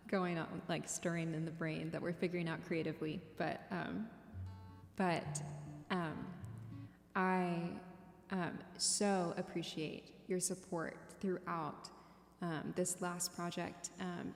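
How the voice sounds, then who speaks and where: Soft-spoken woman in a reverberant studio. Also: on the low side. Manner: soft-spoken, hesitant, many fillers. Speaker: singer-songwriter. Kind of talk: chatting between songs at a streamed show. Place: borrowed recording studio. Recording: roomy studio with long reverb. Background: instrument music.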